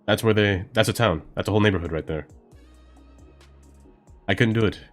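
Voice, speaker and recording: A man's voice: on the low side, fairly quick, soft background music. A man from Brooklyn chatting casually with viewers while he plays a building game, rambling and thinking aloud with many fillers. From Brooklyn, New York. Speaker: game streamer.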